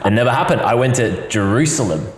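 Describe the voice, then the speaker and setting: An Australian man speaking as an interview guest, earnest and expressive, piling up repeated phrases as he tells his story. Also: medium pitch, quick pace. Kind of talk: heartfelt personal interview. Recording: roomy hall reverb.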